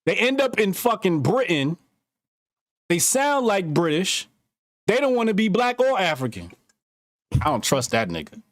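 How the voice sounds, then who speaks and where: Animated high-voiced man, profane banter. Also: normal speed, long pauses, dry recording, clean studio sound. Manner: profane, animated storytelling with bursts of laughter. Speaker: podcast co-host. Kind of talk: casual podcast banter.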